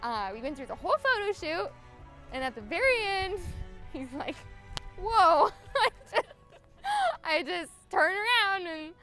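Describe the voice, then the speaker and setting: A woman's voice: very high-pitched, very animated, unhurried, sharp tone, faint music behind. A young woman, a bride-to-be, talking in a wedding video interview, bubbly and giggly with lots of filler words. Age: young adult.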